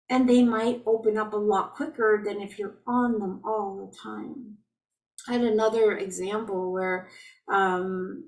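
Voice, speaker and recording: A middle-aged woman leading an online group healing call, chatting about everyday frustrations in a gently reassuring, anecdotal way. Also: medium pitch, gravelly. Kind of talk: casual spiritual talk to a group. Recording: voice distant from the mic.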